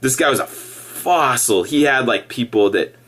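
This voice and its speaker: A middle-aged man ranting casually to camera about his past, animated and sarcastic, with laughing asides. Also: medium pitch, unhurried. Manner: animated, laughing asides, mock-cheerful impressions. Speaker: ex-member giving opinions.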